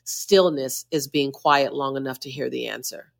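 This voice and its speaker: A woman's voice: extremely low pitch, steady tone, moderate pace, vocal fry. A woman who is a motivational speaker, a guest on a podcast interview, talking with emphatic, preacher-like repetition.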